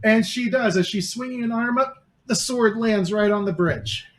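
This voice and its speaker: A man's voice: high voice, normal speed, a bit bright. A man running a tabletop game as game master, narrating the scene in a storytelling way with small restarts. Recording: noisy home stream audio.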